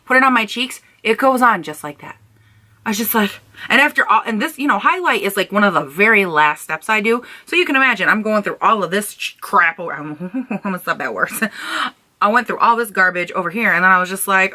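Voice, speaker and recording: A young woman chats to her camera about makeup in a relaxed, animated way, full of playful asides. Her voice has a bright, forward tone. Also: medium pitch, a little fast. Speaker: beauty vlogger. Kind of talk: casual chat to camera.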